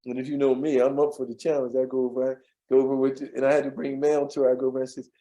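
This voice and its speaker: This interview guest talks rapid-fire at a medium pitch, spinning casual anecdotes about a former job. He's an animated storyteller who mimics the people he quotes, chuckles frequently, and repeats words while searching his memory.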